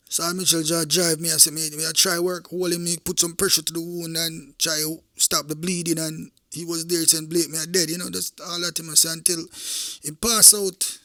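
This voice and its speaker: A man's voice: on the high side, level tone, moderate pace, vocal fry, sharp tone, no echo, clean studio sound. A middle-aged Jamaican man, a former police officer, recounting a true event in an intense, emphatic way, repeating phrases and speaking straight to his listeners.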